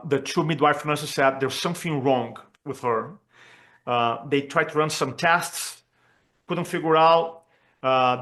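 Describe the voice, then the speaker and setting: A man from Brazil, a communication trainer telling a personal story during a talk for chiropractors, earnest and expressive as he acts out the dialogue. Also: mid-range voice. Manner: earnest and expressive, acts out quoted dialogue, with frequent fillers and restarts.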